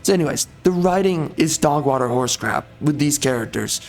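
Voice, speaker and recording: Fairly high-voiced man ranting angrily. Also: animated, moderate pace, soft background music. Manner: angry, insulting, repetitive. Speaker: game reviewer. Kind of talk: heated video game rant.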